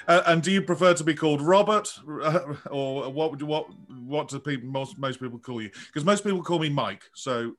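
A man hosting an interview podcast, chatty and quick to laugh. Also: fairly high pitch, fairly bright tone. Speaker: podcast host. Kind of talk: conversational interview.

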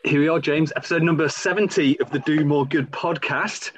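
A man's voice: on the high side, steady tone, fairly quick, a little hiss or hum, poor audio. A man in his thirties from England, co-hosting a podcast in easy, friendly chat and laughing easily. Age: 30s. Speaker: podcast co-host. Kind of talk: casual chat. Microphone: new home microphone.

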